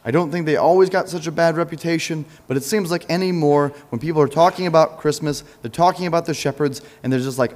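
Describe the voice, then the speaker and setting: A man's voice: a little high, fast, few pauses, darkish tone. A man preaching a sermon in a church, talking easily with the congregation, asking them questions, answering them himself and joking with them. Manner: jokes with the congregation. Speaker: pastor. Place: church sanctuary.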